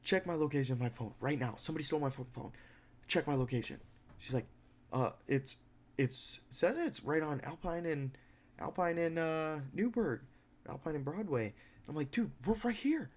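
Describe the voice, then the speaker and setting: A young man hosting a podcast, telling a story in a casual, animated, profane way and acting out other people's lines. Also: on the high side, moderate pace. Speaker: podcast host; mixed martial arts fighter.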